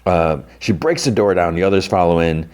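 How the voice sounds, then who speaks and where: A man's voice: low-pitched, animated, brisk, a little mellow, clean tone. A male podcast host giving a loose, rambling retelling of an episode. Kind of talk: casual episode recap.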